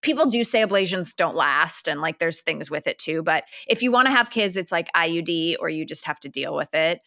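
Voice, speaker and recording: A woman's voice: lowish voice, animated, fairly quick, fairly bright tone. A woman in her thirties with a Canadian accent, co-hosting a podcast in a candid, rambling casual chat full of filler words. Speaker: podcast co-host.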